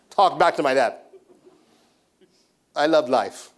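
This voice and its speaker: A man preaching a sermon in a church, repeating his points and swinging from hushed to loud. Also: mid-range voice, expressive, unhurried, long pauses.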